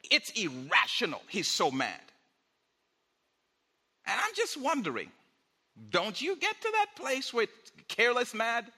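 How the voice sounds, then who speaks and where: A man's voice: very high voice, wildly swooping pitch, a little slow, pauses often, sharp tone, big-room sound. A male pastor preaching a sermon in a conversational way, with fillers.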